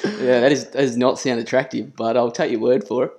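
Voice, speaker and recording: A young Australian man co-hosting a casual podcast, telling a childhood story in a relaxed, easygoing way. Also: mid-range voice, brisk. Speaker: podcast co-host.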